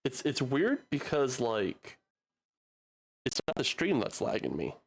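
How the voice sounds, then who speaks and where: A man running a tabletop game as game master, narrating in a casual, halting way with many restarts. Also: medium pitch, wildly swooping pitch, creaky. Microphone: home streaming mic.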